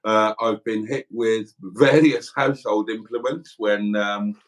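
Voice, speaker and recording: A man's voice: lowish voice, fairly even intonation, unhurried, heavy background noise. A middle-aged man from South Wales hosting a casual livestream, chatting in a rambling, self-deprecating way as he reads out viewer comments. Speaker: livestream host.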